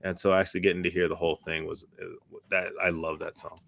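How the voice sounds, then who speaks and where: A man's voice: low voice, level tone, fast, vocal fry, fairly bright tone. A man co-hosting a live talk show, chatting casually, laughing often and restarting his sentences. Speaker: podcast co-host. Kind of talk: casual chat.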